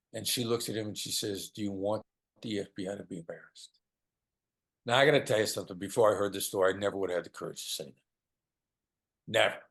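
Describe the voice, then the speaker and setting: A middle-aged man, a guest in an interview, telling stories and acting out the lines of the people in them. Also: on the low side. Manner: animated storyteller, acts out quoted lines. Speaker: guest, former hostage negotiator. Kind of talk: storytelling in an interview.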